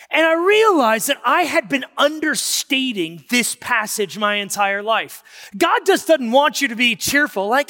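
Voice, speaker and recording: A man preaching a sermon as pastor, telling stories in an animated way that rises to shouts of emphasis. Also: very high-pitched, moderate pace, big-room sound. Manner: animated storytelling, rising to shouts.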